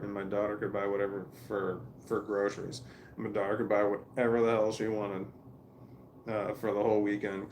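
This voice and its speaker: Gravelly profane man rambling a story. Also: lowish voice, darkish tone, slight background noise. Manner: rambling, profane, restarts often. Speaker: vlogger telling a family story. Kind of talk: casual storytelling monologue.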